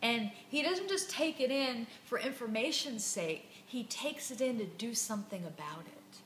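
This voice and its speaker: A woman's voice: on the high side, lively intonation, moderate pace, a bit bright, echoey room. Woman, podcast host, devotional reflection, emphatic, repeats words, faint background noise.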